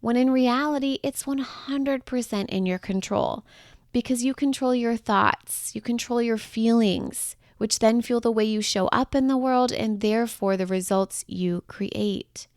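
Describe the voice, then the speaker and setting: A woman's voice: a little high, measured pace, darkish tone, dry recording, clean studio sound. A woman hosting her own podcast as a breakup coach, talking in a gushing, affectionate, upbeat way, chatty with little laughs. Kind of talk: solo podcast monologue.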